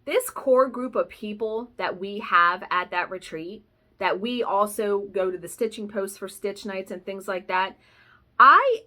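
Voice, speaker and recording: Lively chatty woman telling a story. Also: medium pitch. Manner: chatty, conversational, swears casually. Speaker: cross-stitch vlogger. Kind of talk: casual storytelling vlog.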